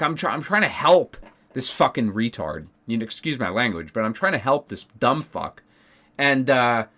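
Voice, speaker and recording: Young dude ranting to his stream, swears constantly, goes loud then drops to a mutter, mid pitch. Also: lively intonation, normal speed. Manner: heated, profane, ranting; swings from loud outbursts to low mutters. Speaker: streamer and former teacher. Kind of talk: casual storytelling to viewers.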